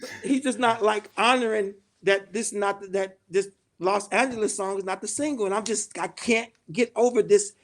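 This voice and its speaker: A middle-aged man from Chicago, a guest in a podcast studio, telling a story in a loose, animated way and swearing freely. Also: high voice, moderate pace. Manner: animated, acts out quoted dialogue, swears freely. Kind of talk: casual storytelling in a podcast interview.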